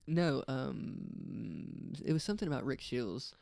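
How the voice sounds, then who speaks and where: A man's voice: medium pitch, sing-song, gravelly, a little mellow, no echo. An American man co-hosting a podcast in casual chat, joking and teasing. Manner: jokey, playful, quick to tease. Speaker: podcast co-host. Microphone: dynamic vocal mic.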